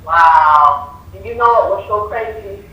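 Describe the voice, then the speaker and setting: A woman's voice: medium pitch, unhurried, bright, forceful tone, highs cut off. A woman, a reading client, chatting candidly and swearing freely about her own life. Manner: candid, swearing, laughing storyteller. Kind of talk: casual chat. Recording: distant and echoey.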